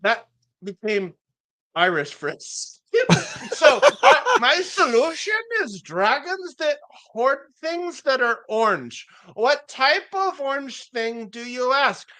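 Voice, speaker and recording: A woman's voice: high-pitched, big pitch swings, slow pace, sharp tone, voice pushed up, full character voice. Woman putting on a pompous foreign-accented town official. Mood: grandiose. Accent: put-on foreign accent. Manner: grandiose, declaiming. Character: pompous male town official, self-important.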